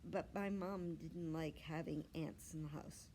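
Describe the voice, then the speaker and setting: A woman librarian reading a children's book aloud in a clear storytelling manner. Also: low-pitched, fairly even intonation, unhurried, warm tone, slight background noise.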